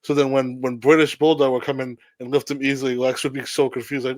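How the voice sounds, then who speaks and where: A male co-host chats casually on a podcast, hesitating and circling back as he remembers details. His voice is ordinary in pitch and recorded dry and close. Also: flat delivery, quick pace, no echo. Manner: hesitant, rambling with restarts. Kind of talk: casual chat.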